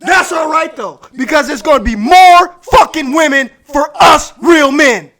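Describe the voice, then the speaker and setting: High-pitched man ranting, shouting. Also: unhurried. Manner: aggressive profane shouting rant. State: hoarse, losing his voice. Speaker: live stream host. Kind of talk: ranting live stream. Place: home man cave.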